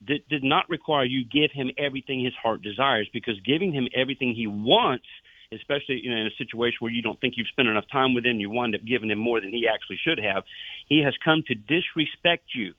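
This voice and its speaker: A man's voice: medium pitch, fast, no echo. A man and former police officer, telling stories and preaching earnestly on a Christian radio talk show. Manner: earnest, preachy storyteller who acts out dialogue. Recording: tinny phone-line radio sound, dry.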